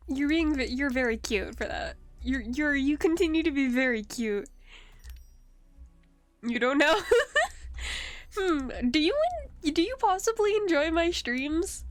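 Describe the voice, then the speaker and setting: Young woman streamer, giggly and teasing, slow unhurried delivery, bouncy pitch, fairly high voice. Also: expressive, dry recording. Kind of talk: casual live-stream chat with viewers.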